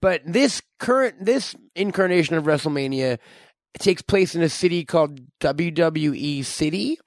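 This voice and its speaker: A man with a somewhat high voice, co-hosting a podcast in loose casual chat. He teases and prods with questions and swears offhandedly. The sound is dry. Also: animated, normal speed, dry recording. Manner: teasing, asks leading questions, swears casually. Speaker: podcast co-host.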